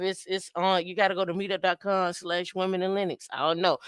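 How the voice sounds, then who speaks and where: A woman with a lowish voice hosts a casual live stream, greeting viewers one by one. Her tone is playful, and she slips into bits of singing and sound effects. The recording is dry and close, her voice smooth and clear. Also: flat delivery, brisk, dry recording. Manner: playful, sings and imitates dancehall sounds. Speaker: host. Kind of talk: casual livestream chat.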